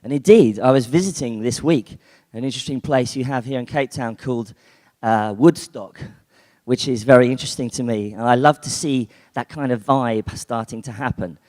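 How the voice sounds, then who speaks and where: A man's voice: medium pitch, normal speed, darkish tone. Guy rambling through a conference talk, lots of ums, big echoey hall. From United Kingdom. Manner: chatty, rambling with fillers and restarts. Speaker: conference speaker. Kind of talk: keynote talk. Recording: long hall reverb.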